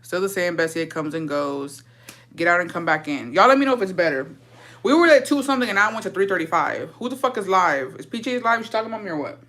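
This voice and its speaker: Foul-mouthed young woman telling a bright story. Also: fairly low pitch, quick pace. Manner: profane, blunt and animated storytelling. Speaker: live streamer. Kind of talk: casual storytime on a live stream. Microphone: phone with headphones.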